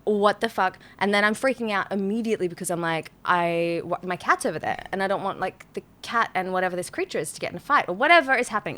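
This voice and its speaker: Animated woman telling a spooky story. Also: medium pitch, fast talker, few pauses. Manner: animated storytelling with frequent laughs. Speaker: podcast host. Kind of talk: casual chat.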